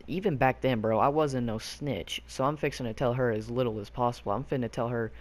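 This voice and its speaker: A man's voice: mid-range voice, steady tone, a little fast. A young man from Arkansas telling a childhood story casually, rambling with lots of fillers and loose slang. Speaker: YouTube storyteller.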